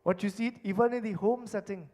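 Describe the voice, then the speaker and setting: Male preacher, high voice, emphatic sermon delivery with hushed endings. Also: fairly even intonation, fast. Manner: emphatic, swinging between loud stresses and hushed low endings. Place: temple hall.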